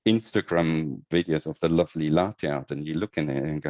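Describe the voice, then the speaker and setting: A man with a very deep voice answers interview questions, circling back and repeating words as he thinks aloud. The audio is dull and lo-fi, with a dry, close sound and no room around it. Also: fairly quick, a little mellow, no room sound. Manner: thoughtful, many restarts and repeated words. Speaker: guest, head of user experience. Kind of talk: conversational podcast interview.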